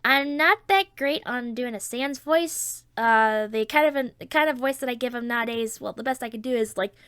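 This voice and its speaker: Woman, stuffy nose, chatty, excitable, bright tone, fairly high pitch. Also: moderate pace, clear, resonant tone, no echo, studio quality. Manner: chatty and excitable, many fillers and restarts. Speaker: channel host. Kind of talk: casual Q&A vlog.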